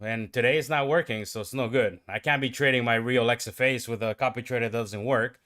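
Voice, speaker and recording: Man, trading livestream host, live commentary, mid pitch, excitable self-talk. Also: a little fast. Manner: self-talking, pumped up, swings from calm explaining to excited outbursts. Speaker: livestream day trader.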